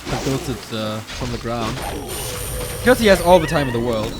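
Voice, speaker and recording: A man casting a strategy game on his own, calling the action in quick play-by-play and rambling casually to viewers between games. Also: mid-range voice. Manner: excitable play-by-play, drifting into loose rambling asides between games. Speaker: esports caster. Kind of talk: solo game commentary with casual chat.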